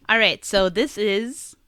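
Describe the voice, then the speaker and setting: A woman's voice: medium pitch, animated, slow pace, pushed and bright, dry recording, studio quality. Giggly woman hosting a podcast. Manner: giggly, laughs often between remarks. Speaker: podcast host. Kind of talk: casual podcast chat.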